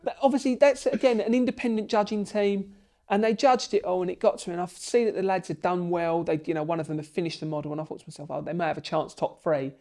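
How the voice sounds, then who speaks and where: A man, a guest on a podcast, telling long stories in an animated and emotional way. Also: sits high, fast. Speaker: podcast guest, bricklaying tutor. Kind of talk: storytelling in a podcast interview.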